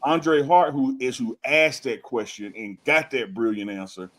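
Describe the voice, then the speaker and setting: A man co-hosting a casual sports talk show, talking with emphatic, animated energy and teasing his co-host. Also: medium pitch, a little slow, rough recording.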